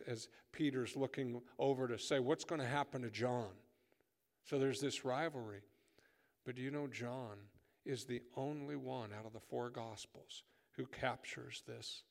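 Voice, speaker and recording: Man preaching in a reverberant hall. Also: medium pitch. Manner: animated, acts out dialogue, drops to a whisper for emphasis. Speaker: pastor. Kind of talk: sermon.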